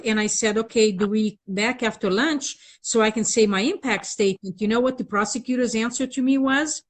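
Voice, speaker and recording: Halting woman telling her story. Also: medium pitch. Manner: halting, many "uh" fillers, recounting events with rising indignation. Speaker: guest, victims' rights advocate. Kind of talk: conversational interview.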